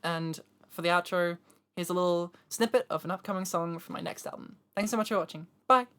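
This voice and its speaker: A woman's voice: fairly low pitch, brisk, clear, resonant tone. A woman reviewing an album on a first listen, gushing and swearing often, with "dude" and "like" all through her talk. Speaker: music reviewer reacting to an album. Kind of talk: emotional first-listen reaction video. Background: loud metalcore music playing.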